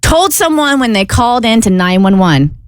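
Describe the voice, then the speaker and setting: Lively, animated woman radio co-host. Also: a little high, moderate pace, no echo, clean studio sound. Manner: animated storyteller, laughs often. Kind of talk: casual radio chat, reading listener stories.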